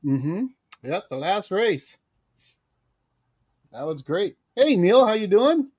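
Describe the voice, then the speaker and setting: A man's voice: high voice, big pitch swings, takes it slowly, a little mellow, slightly rough. A man co-hosting a casual livestream chat, cheerfully greeting viewers by name. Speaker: livestream co-host.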